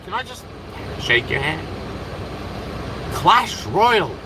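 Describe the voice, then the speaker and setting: An excitable Australian man rambles to camera outdoors, his voice swinging up and down as he jumps from topic to topic. Steady street noise and passing cars sit behind him. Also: sits high, slow. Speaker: vlogger.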